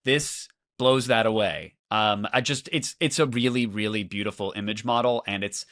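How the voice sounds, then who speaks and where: A man's voice: lowish voice, normal speed, fairly bright tone. Wry male podcast co-host. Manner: wry, joking. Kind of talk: casual tech podcast chat.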